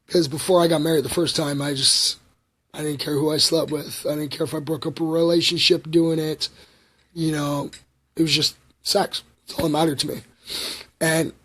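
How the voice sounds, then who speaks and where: A middle-aged Canadian vlogger with a fairly high, slightly bright voice rambles confessionally in a casual livestream chat. He fills it with fillers and asides to his viewers.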